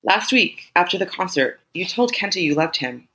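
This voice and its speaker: A woman voicing a steady, caring man who speaks quietly and gently in a read-aloud story. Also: fairly low pitch, normal speed, pitched above the performer's own voice.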